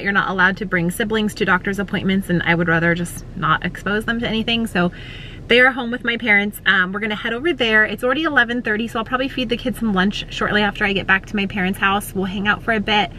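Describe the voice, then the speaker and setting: A woman in her thirties with a medium-pitched, bright, forceful voice and a little hiss or hum is a family vlogger. Sitting in a parked car and holding a phone camera, she chats casually and rambles, thinking aloud about her plans for the day.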